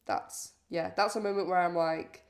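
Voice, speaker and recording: Woman, northern English accent, gravelly low-ish voice, casual podcast guest, quick to agree. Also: steady tone. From northern England. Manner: chatty, agrees often with quick repeated yeahs. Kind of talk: casual chat.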